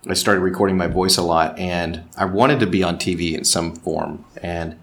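Low-voiced Texan voice actor, relaxed, self-deprecating interview talk. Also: male voice, normal speed. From Texas. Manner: self-deprecating, slips into voice impressions. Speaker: voice actor and director.

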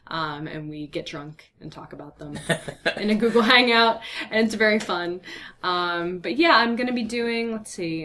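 A woman's voice: on the low side, fairly bright tone, slight background noise. A young woman answering interview questions in a chatty, upbeat way with lots of fillers, her voice tired and a bit slurred from talking all day. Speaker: guest.

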